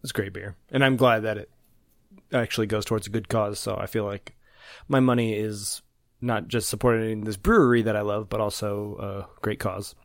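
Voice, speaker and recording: A man's voice: fairly low pitch, fairly even intonation, normal speed, dry recording, studio quality. A man co-hosting a casual podcast, easygoing and full of hedges as he reviews a beer. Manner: easygoing, hedging with fillers. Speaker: podcast co-host. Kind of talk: casual chat.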